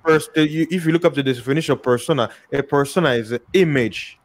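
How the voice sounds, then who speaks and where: A man's voice: fairly high pitch, fast talker. A man from Congo with a Congolese accent, talking casually as a podcast guest. He often repeats words and acts out both sides of the dialogue when he tells a story. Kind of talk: casual discussion.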